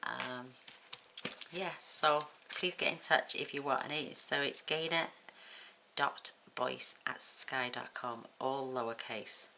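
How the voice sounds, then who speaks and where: A woman's voice: rumbling low, steady tone, takes it slowly, gravelly, sharp tone, rough recording. A woman from the UK hosting a casual crafting tutorial, chatty and counting items aloud as she works at home. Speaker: craft channel host.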